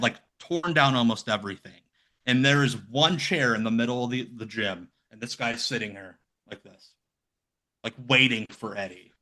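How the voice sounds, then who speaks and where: A man in his thirties, a podcast guest telling stories casually and animatedly, with a lot of "like" in his speech. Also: mid-range voice. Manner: animated, heavy use of "like". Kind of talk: casual storytelling.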